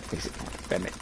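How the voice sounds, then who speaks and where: A man bantering crudely as a streamer co-host, joking and laughing often while he plays. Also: background noise. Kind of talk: casual gaming-stream banter.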